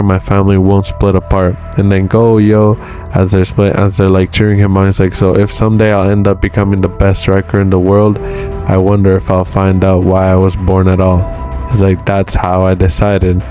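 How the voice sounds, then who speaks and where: A man's voice: deep voice, mellow. A man in a casual manga chapter recap who retells each scene in a loose way and keeps saying "he's like.". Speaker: manga reviewer.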